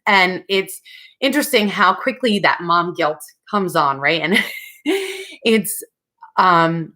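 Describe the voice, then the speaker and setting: A woman's voice: fairly low pitch, sharp tone. A young woman hosting a casual advice talk, chatty and frank, laughing often as she speaks. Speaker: host.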